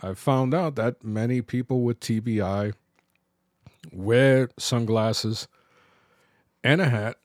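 A middle-aged man from New York talking alone on his podcast, reflective and halting, pausing and restarting as he loses his thread. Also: medium pitch, no echo, clean studio sound. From New York, Bronx. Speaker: podcast host. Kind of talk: personal podcast monologue.

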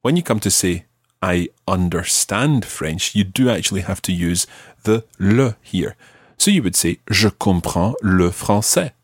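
Male podcast tutor, patient, slows down on phrases, bit husky, dry close sound. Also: lowish voice, animated, no room sound. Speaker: language teacher and host. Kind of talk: podcast language lesson.

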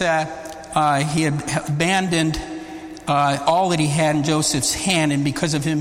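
Slow, emphatic preacher in a hall. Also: male voice, fairly high pitch, a bit bright. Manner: emphatic, rising exclamations, slow deliberate delivery. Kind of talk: Bible teaching sermon. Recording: long reverb of a large hall.

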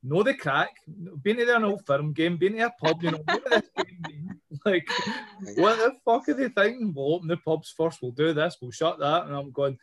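A man's voice: on the high side, moderate pace, no room sound. A man hosting a podcast, talking in blunt, sweary banter. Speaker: podcast host. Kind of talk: casual chat.

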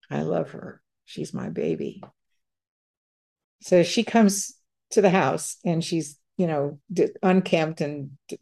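An older woman telling a personal story as a podcast guest, halting and repeating words as she quotes others. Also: low-pitched, vocal fry, dark tone.

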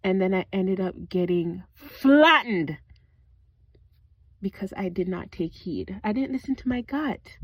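A woman's voice: medium pitch, expressive, measured pace, dry recording. A woman hosting a podcast, talking in a casual, reflective monologue and often asking the listener direct questions. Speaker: podcast host. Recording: dull lo-fi recording.

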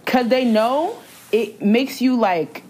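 A woman in her twenties in a casual chat, animated and playful, laughing often and using a lot of slang. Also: on the high side, takes it slowly. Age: 20s.

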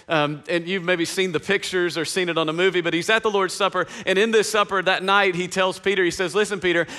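High bright-voiced pastor, chatty preaching. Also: male voice, clear, resonant tone. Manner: casual slangy preaching, conversational asides to congregation. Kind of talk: sermon.

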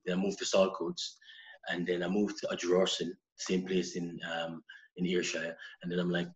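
A man from Jamaica with a Jamaican accent, a guest in a casual interview, telling lively stories and often repeating words as he restarts. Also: low voice, moderate pace. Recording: echoey, dull-sounding room recording.

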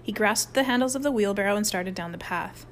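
A woman's voice: mid-range voice, fairly quick, a little hiss or hum. Woman narrating a children's novel. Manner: lively storytelling with varied character voices. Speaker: audiobook narrator. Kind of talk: scripted narration.

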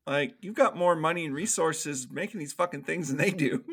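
A man co-hosting a casual movie review podcast, animated and profane, acting out scenes in quoted voices. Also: fairly high pitch, moderate pace, husky. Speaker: podcast co-host.

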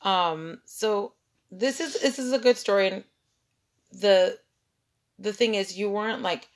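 A woman's voice: mid-range voice, unhurried. A woman hosting a casual interview who encourages her guest and sums up what she has said. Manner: encouraging, reflects back and sums up. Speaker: host.

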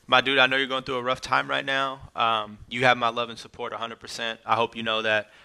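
A middle-aged podcast host delivers a heartfelt monologue, speaking casually and emotionally straight to his family and friends. His medium-pitched voice barely moves in pitch and runs a little fast, gravelly and sharp yet clear and resonant.

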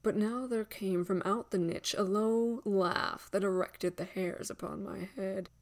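A woman giving a dramatic gothic story reading, measured, dropping to hushed whispers and swelling to loud declarations. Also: medium pitch, steady tone.

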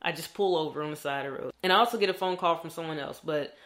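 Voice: medium pitch, fast talker, fairly bright tone. A young adult vlogger talking in a candid, rambling diary style and swearing freely. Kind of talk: casual diary vlog.

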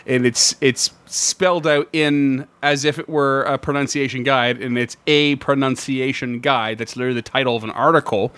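A man's voice: mid-range voice, fairly even intonation, moderate pace, hardly any pauses, a bit bright, clean tone, dry recording. A man co-hosting a casual podcast chat, talking with many fillers and restarts and laughing often. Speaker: podcast co-host.

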